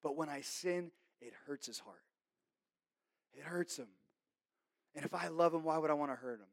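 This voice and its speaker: A man with a high voice delivers an earnest, conversational sermon, often pausing to check in with his listeners. He moves between forceful, raised lines and soft, hushed asides. The recording is dry and close, with no room sound. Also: creaky, no room sound. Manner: earnest, conversational preaching with frequent "okay?" check-ins. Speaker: pastor.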